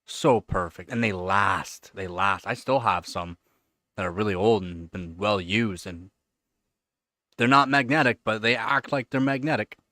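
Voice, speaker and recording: A man hosting a casual live stream, answering chat questions and cooing at his pet in a high sing-song voice between relaxed remarks. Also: unhurried, no echo, studio quality. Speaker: livestream host. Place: home computer setup.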